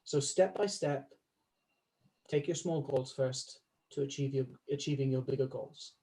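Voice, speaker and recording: A male life coach giving a coaching talk to a small group, instructive, slowing down to stress key words and laughing easily. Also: medium pitch, mellow, low-quality recording.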